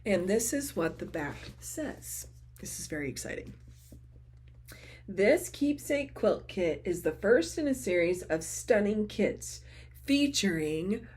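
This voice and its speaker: Slow, gushing woman crafter. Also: mid-range voice, husky. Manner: gushing, excitable, quotes herself and friends. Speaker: craft vlogger. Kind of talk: casual show-and-tell chat.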